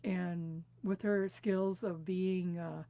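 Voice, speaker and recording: A woman in her fifties from California telling family memories in a reflective, unhurried way, laughing softly at times. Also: fairly low pitch, steady tone, no echo. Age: 50s. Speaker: interviewee. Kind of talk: personal storytelling conversation. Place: quiet recording booth.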